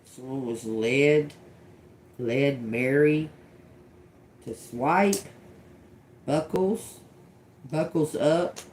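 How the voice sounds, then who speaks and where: A woman's voice: rumbling low, drawn-out words, pauses often, darkish tone, slight background noise. A middle-aged woman giving a casual, profane live tarot reading, muttering single words as they come to her and giggling often. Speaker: tarot reader on a livestream.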